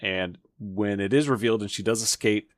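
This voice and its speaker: A man in his thirties co-hosts a casual movie podcast, talking through his thoughts in a measured, wry way. His voice is very low. The recording is dry and close, with no room sound. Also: no echo. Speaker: podcast co-host. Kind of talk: casual movie review chat.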